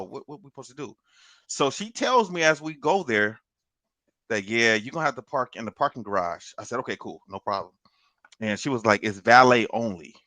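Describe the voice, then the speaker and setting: A man on a podcast telling a long story in a casual, animated way, swearing and laughing as he goes. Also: medium pitch, no room sound. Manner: animated, profane, laughs through his story. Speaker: podcast co-host.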